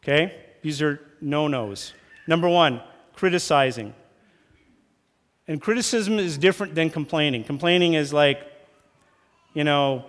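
Pastor preaching in a reverberant hall. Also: male voice, on the high side, normal speed, pauses often. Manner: lively, acts out quarrels in raised voices. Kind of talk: sermon. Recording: long church hall reverb.

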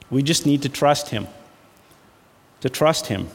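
A man's voice: a little high, animated, unhurried, long pauses, in a large hall. A man preaching a sermon, emphatic and repetitive, shifting into folksy storytelling with casual fillers. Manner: emphatic, repeats phrases for effect. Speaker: pastor.

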